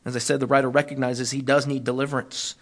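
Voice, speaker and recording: A man preaching an expository sermon, rising loud and high on appeals, then dropping low and soft, slowing on key phrases. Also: flat delivery. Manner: preaching with wide swings in pitch and loudness, slowing on key phrases.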